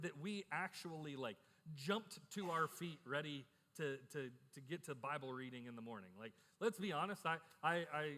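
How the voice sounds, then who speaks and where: In a church with an echoey hall, a middle-aged male pastor gives a candid, conversational sermon. His voice is on the high side with a sharp tone, and he tends to repeat words when beginning a sentence.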